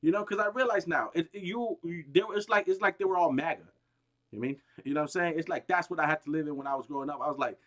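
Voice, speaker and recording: A gaming streamer delivering a heated, rambling, profane rant, restarting sentences often and bursting out with emphasis. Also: male voice, high-pitched, a bit bright. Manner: agitated, emphatic outbursts.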